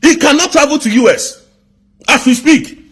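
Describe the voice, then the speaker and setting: A man's voice: very high voice, normal speed, fairly bright tone. A man with a Nigerian accent delivering an angry political rant, firing off indignant rhetorical questions. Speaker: commentator.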